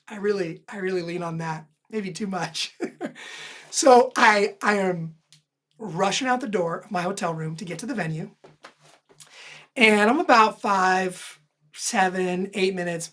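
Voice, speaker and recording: A woman host animatedly telling a personal story, lively and self-deprecating, laughing often. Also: medium pitch, measured pace. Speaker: host recounting her own stories.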